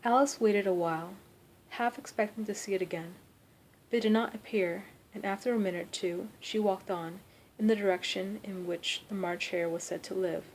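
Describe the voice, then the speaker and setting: A woman reads a storybook aloud in a soft, quiet narrating voice. Her pitch sits in the middle. A faint low rumble runs beneath the recording. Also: steady tone, normal speed. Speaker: reader. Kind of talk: storybook reading.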